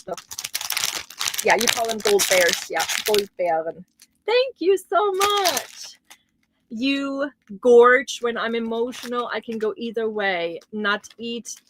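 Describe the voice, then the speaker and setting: Slow-talking, high-pitched woman host. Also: background noise. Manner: gushing, exclaiming over gifts. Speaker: crochet livestream host. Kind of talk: casual livestream chat.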